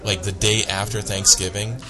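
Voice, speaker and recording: A man's voice: on the low side, level tone, moderate pace, pushed and bright. A man co-hosting a casual comedy podcast, joking and self-mocking. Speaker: podcast co-host.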